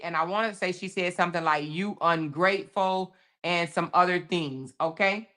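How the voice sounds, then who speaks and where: A woman's voice: fairly low pitch, moderate pace, few pauses, a bit bright. A woman hosting a casual commentary show, speaking emphatically, repeating her points and talking straight to her viewers. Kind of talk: casual commentary on a viral video.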